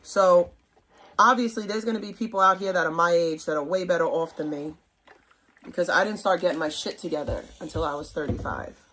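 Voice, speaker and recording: A woman's voice: fairly low pitch, a little fast, fairly bright tone, a little hiss or hum. A woman, ranting bluntly and profanely to her stream chat. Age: 30s. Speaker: livestream host. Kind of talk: casual rant to stream chat.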